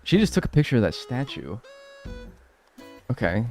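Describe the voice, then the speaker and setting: A man's voice: mid-range voice, sing-song, normal speed, darkish tone, soft background music. A man streaming gameplay live, chatting casually with his viewers, joking and swearing freely. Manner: talks to chat and thanks subscribers. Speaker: game streamer.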